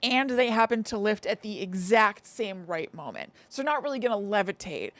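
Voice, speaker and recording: A woman's voice: medium pitch, expressive, moderate pace, fairly bright tone, no room sound. A woman co-hosting a podcast, chatting casually and reading an old text aloud, correcting herself and giggling. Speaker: podcast co-host.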